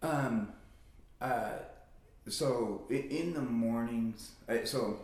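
A man's voice: medium pitch, extremely slow, a little mellow. A man telling his own story in a blunt, profane, casual way as a guest. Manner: blunt and profane, swears often. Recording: very echoey room.

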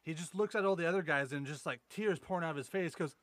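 A man's voice: on the high side, fast, fairly bright tone, no echo. A man co-hosting a podcast, telling profane, rambling anecdotes and mocking his friends in casual banter. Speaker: podcast co-host.

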